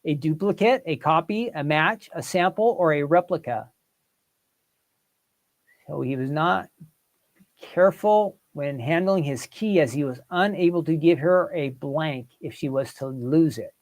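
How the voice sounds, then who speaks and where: Here a man with a voice on the high side and a measured pace hosts a casual livestream quiz. He reasons aloud through word questions and polls the chat for answers.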